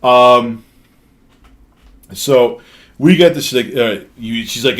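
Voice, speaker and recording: A man's voice: mid-range voice, slow. Rambling, cussing male streamer. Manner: rambling, profane storytelling with many restarts. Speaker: live streamer. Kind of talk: casual live-stream chat.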